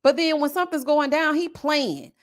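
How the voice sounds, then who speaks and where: Southern woman host, casual live-stream commentary, sassy and animated, voice a bit high. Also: moderate pace. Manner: animated, sassy, drawling asides to viewers. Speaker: reality TV review host. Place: home setup with a desk mic.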